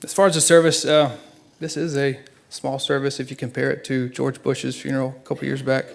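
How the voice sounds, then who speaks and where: A middle-aged man, a son, giving an emotional eulogy in a church and telling stories earnestly, his voice swinging between hushed and loud. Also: mid-range voice, flat delivery, brisk, vocal fry.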